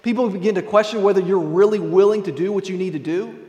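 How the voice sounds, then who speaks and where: Emphatic high-voiced preacher in an echoing hall. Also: male voice, fast, dark tone, highs cut off. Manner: emphatic preacher reading scripture aloud and addressing the congregation. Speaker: pastor. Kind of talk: sermon. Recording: echoey hall with long reverb.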